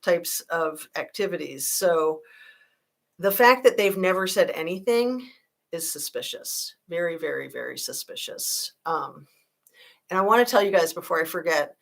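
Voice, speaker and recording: A woman in her forties with a slightly low voice hosts a casual true crime livestream from her home. She rambles and gives her opinions freely, talks straight to her viewers and answers their comments as they come in. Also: expressive, moderate pace, creaky.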